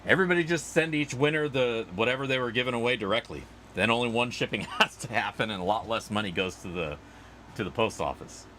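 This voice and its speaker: A man's voice: medium pitch, quick pace, pushed and bright, a little hiss or hum. A man hosting a casual livestream outdoors, rambling and chatty as he answers viewer comments. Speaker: livestream host.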